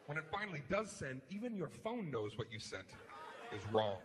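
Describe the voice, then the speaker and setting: A man performing a stand-up comedy routine on stage, animated, swinging between hushed mutters and shouted rants. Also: a little high, normal speed. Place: large comedy venue. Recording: live hall with crowd noise. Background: audience laughter.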